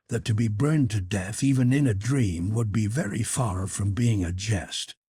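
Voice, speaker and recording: Husky low-voiced male audiobook narrator. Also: a little mellow, no echo, clean studio sound.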